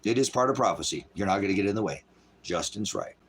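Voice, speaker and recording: A man's voice: fairly low pitch, lively intonation, fast, a little hiss or hum. Angry profane preaching man. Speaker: street preacher.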